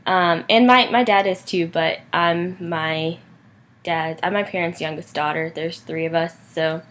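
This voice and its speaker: A woman's voice: fairly low pitch, steady tone, measured pace, fairly bright tone, slight background noise. Chatty young woman vlogger. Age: young adult. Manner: chatty, lots of "like" and "um". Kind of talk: casual chat.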